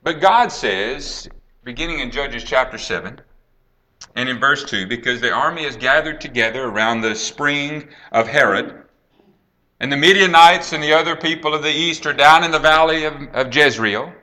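A man preaching, retelling a Bible story with dramatic swings between hushed and raised delivery and acting out the quoted lines. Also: medium pitch, normal speed. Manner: dramatic storytelling, acts out quoted lines, drops to a hush then rises.

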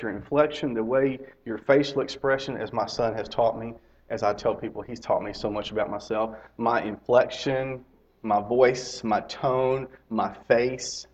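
A middle-aged man delivers a sermon in a relaxed, conversational way. He keeps returning to his key phrases and puts questions straight to his listeners. His voice sits at an ordinary middle pitch, and the recording sounds a little dull and lo-fi. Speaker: lay preacher and teacher.

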